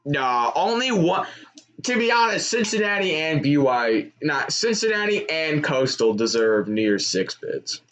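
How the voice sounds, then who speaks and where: Excitable young man reacting to football. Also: on the high side, unhurried. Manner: excitable, shouts at big plays. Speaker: sports streamer. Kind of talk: live reaction commentary.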